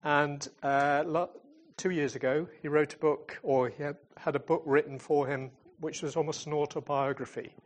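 A man's voice: on the high side, steady tone, normal speed, hardly any pauses. A man who represents a charity in churches, giving an informal, chatty talk that ends in a prayer. He tells stories with hesitations and restarts and calls himself a fun-loving comedian type.

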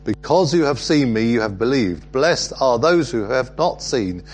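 A man's voice: mid-range voice, animated, a little slow, slight background noise, voice pushed up, lightly acted. A man reading out the lines of an earnest, pleading male teacher in a raised, emphatic voice during a sermon.

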